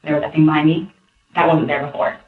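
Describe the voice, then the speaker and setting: A woman recounting events to police in a rambling, animated way, full of fillers. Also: sits low, fast talker, reverberant, narrow, tinny audio. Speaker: interviewee.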